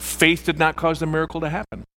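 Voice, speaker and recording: Pastor preaching a sermon, male, animated storyteller, a bit higher-pitched voice. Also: quick pace. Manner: animated, acts out voices in his stories.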